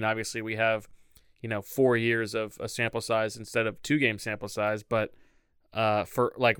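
Brief: male co-host, wry sports talk, bright and smooth voice, dry studio sound. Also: mid-range voice, dry recording. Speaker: podcast co-host. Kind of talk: casual sports podcast chat.

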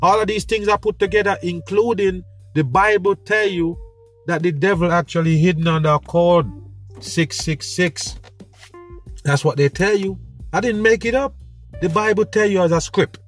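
A man hosting his own show, telling a story in an animated, preachy way with street slang. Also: high voice, normal speed, soft background music. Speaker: podcast host. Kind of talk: casual monologue.

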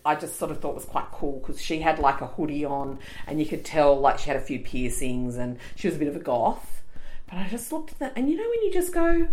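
A woman, co-hosting a podcast in casual chat and telling stories with acted-out voices. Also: on the low side. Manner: animated storyteller, acts out voices. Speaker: podcast co-host.

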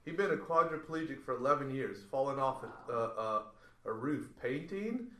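A man's voice: mid-range voice, normal speed, roomy sound. A man on a podcast, telling a story casually and acting out what people said. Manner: animated storyteller, acts out quoted lines. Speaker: podcast guest.

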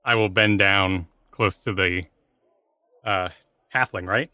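A man playing in a tabletop game, wry and deadpan in character. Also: sits low, slow, no echo. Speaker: player.

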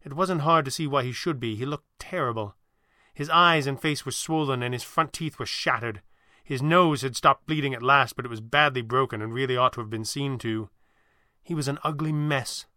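A man narrating an adventure story in a steady, vivid storytelling style. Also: medium pitch, normal speed, no room sound, clean studio sound.

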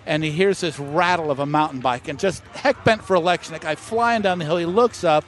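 A middle-aged man with a slightly high voice, spinning an animated story in a relaxed interview. He slips into the voices of the people he quotes. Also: brisk. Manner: animated anecdote-teller who acts out quoted voices. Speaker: master distiller guest.

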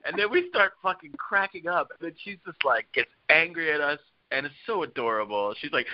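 A man's voice: medium pitch, normal speed, no echo, muffled recording. A man chatting casually as a podcast guest, rambling and laughing as he tells family stories. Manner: rambling, laughing, lively storyteller. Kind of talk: casual chat.

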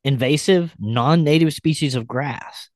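A man's voice: fairly high pitch, unhurried, darkish tone, no echo, studio quality. A man hosting a podcast, chatting casually and reading a post aloud with blunt, wry remarks. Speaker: podcast host.

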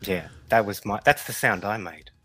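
A man's voice: lowish voice, moderate pace, background noise. A man co-hosting a talk show, blunt and emphatic as he tells stories. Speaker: co-host. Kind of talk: casual talk-show banter.

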